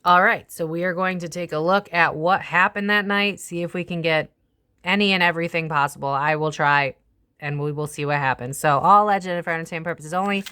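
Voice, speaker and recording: A woman's voice: fairly low pitch, a little fast, pushed and bright, smooth. A young woman chatting casually through a tarot reading, swearing freely and slipping into other people's voices. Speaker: tarot reader and channel host. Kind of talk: casual psychic tarot commentary.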